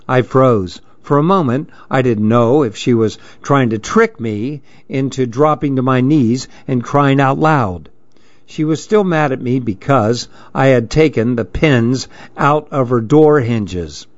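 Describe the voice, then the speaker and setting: Male audiobook narrator, mid pitch, dull lo-fi sound. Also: measured pace, dry recording. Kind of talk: scripted story narration. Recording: dry, dull lo-fi recording.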